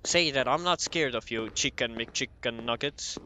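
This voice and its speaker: A man's voice: medium pitch, moderate pace, pushed and bright, slight background noise. A young man doing casual commentary on a horror game, joking and swearing as he talks to the game characters. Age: young adult. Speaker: gameplay commentator.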